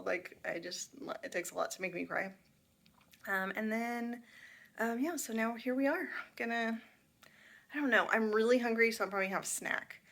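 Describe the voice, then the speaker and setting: Chatty fifty-something woman, gravelly edge. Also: mid-range voice, a bit bright. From Southern California, USA. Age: 50s. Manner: chatty, self-deprecating, many fillers and laughs. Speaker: flight attendant vlogger. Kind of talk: casual vlog chat. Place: hotel room on a layover. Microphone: phone camera held close.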